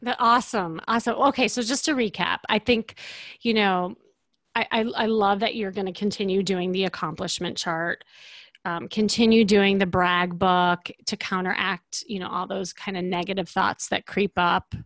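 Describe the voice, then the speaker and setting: A woman's voice: medium pitch, steady tone, moderate pace, fairly bright tone, dry recording. A young woman coaches a client through a podcast session, upbeat and encouraging. She keeps the talk loose with plenty of fillers. Her voice sits dry and close.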